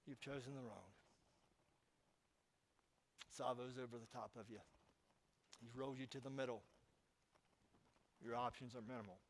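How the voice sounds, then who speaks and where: A man delivering a Sunday sermon from the pulpit, mid-pitched and emphatic. He tells a story with bursts of loudness and then drops low to speak directly to his listeners. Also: fairly even intonation, a little fast, a little hiss or hum, poor audio. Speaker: pastor. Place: church.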